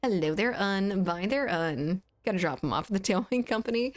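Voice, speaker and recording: A woman's voice: mid-range voice, expressive, moderate pace, few pauses. A woman with a mild Southern US accent, chatting casually on a game livestream, reading her chat aloud and laughing easily. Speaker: game streamer. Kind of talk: casual live-stream chat while gaming.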